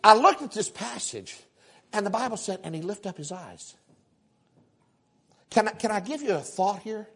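Storytelling through his sermon, a preacher with a slightly high voice alternates between loud, acted-out exclamations and soft asides, tripping over repeated words in his homely tales. He's animated at a moderate pace, with long pauses and a breathy edge.

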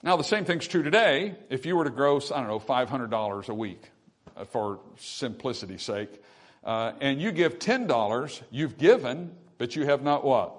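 A man's voice: medium pitch, expressive, moderate pace. A man delivers a sermon in a mid-range voice. He teaches patiently, asking the congregation rhetorical questions and repeating key phrases for emphasis. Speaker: pastor.

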